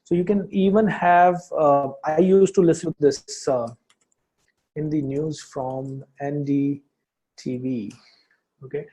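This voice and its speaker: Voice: mid-range voice, steady tone, takes it slowly, mellow. An English teacher with an Indian accent, talking through a casual lesson with many fillers and restarts. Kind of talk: casual spoken lesson, mixing in Hindi. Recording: dull lo-fi sound.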